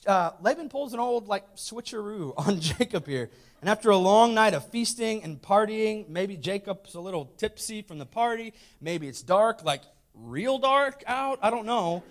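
A man's voice: high voice, expressive, moderate pace. A young man preaching a comedic sermon, playful and teasing as he talks straight to the congregation.

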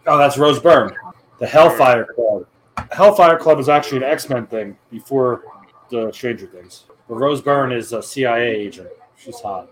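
A man's voice: mid-range voice, moderate pace, slight background noise. A man co-hosting a podcast, giving a crude, joking running commentary while watching a film. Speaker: podcast co-host. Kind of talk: casual movie watch-along chat.

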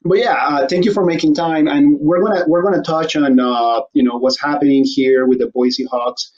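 A man's voice: fairly high pitch, steady tone, normal speed, a little mellow. A man hosting a casual interview show, talking in a rambling, joking way. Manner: joking, rambling, laughs often. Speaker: host. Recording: slightly dull audio.

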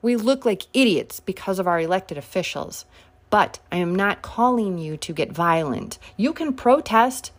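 A woman's voice: mid-range voice, lively intonation, moderate pace. A woman giving casual political commentary, sarcastic and combative, pushing her voice up sharply on her biggest points.

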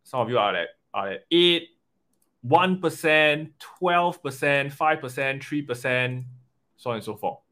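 A man coaching an investing webinar live, animated and often checking in with "right?" and "okay?". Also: mid-range voice, measured pace.

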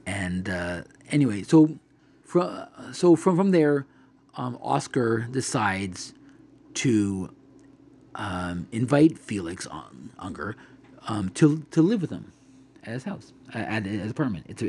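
A man chatting casually about an old comedy film, halting with many restarts and fillers. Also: on the low side, darkish tone, husky.

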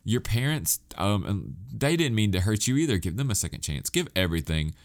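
A man's voice: lowish voice, big pitch swings, brisk. A young man hosting a podcast on his own, chatting casually, rambling off on tangents and poking fun at himself. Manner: rambling, self-mocking, goes off on tangents. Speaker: podcast host. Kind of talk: casual solo podcast chat.

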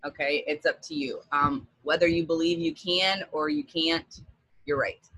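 Husky-voiced woman with morning voice. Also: deep voice, a little slow, no room sound, rough recording. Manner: earnest and encouraging, steady build to emphasis. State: rough morning voice. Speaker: coach. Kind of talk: motivational pep talk on a call.

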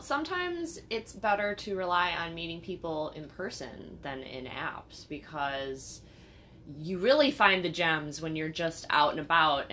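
Woman podcast co-host, lowish voice but really bright and forceful, teasing and jokey. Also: a little hiss or hum. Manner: playful, teasing, quick to joke. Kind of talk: casual podcast chat.

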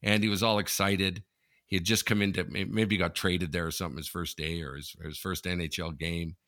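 A man's voice: deep voice, level tone, fairly quick, a bit bright, no echo, clean studio sound. A man co-hosting a sports podcast, chatting casually and telling long rambling stories with many restarts over a video call. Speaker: podcast co-host. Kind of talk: casual chat. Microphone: headphones on video call.

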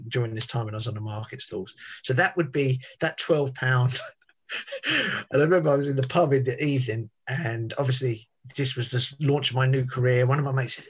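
A man's voice: medium pitch, fairly bright tone, breathy edge. A man, telling a rambling story in casual podcast chat. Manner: chatty, rambling with restarts and tangents. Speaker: podcast guest.

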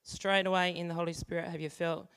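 A woman giving a sermon, moving from an animated story with acted-out voices to calm teaching and prayer. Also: lowish voice, fast, clean tone. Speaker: church speaker. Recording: long hall reverb.

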